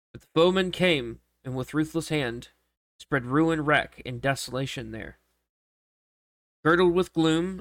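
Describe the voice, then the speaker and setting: A man's voice: a little high, fairly bright tone, dry recording. A man giving a mournful, solemn recitation of a long devotional poem, stumbling and restarting now and then. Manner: slow, mournful reading with occasional slips and restarts. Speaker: reader.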